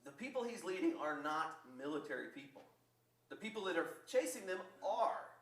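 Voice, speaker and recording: Man preaching, lively storyteller, fairly high voice, echoey church, heard from a distance. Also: normal speed. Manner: lively storytelling, acting out quotes. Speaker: pastor. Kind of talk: sermon.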